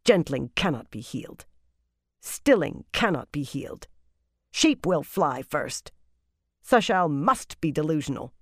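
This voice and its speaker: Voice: mid-range voice, sing-song, a little slow, no room sound, clean studio sound. A narrator voicing a stubborn, scornful woman who growls her objections in an audiobook. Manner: scowling, dismissive. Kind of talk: audiobook character reading.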